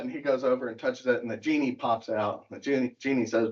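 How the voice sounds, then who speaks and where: A man leads a church class in relaxed, conversational speech, mid-pitched. The recording is dull and lo-fi. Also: fast, few pauses. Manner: conversational, tells jokes with acted voices. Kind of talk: casual teaching talk with jokes.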